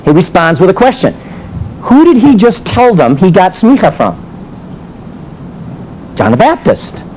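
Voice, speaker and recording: A man's voice: high-pitched, unhurried, slight background noise, rough recording. A man preaching and teaching a sermon, telling stories and asking rhetorical questions. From United States. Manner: animated storytelling with rhetorical questions. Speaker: teacher and minister.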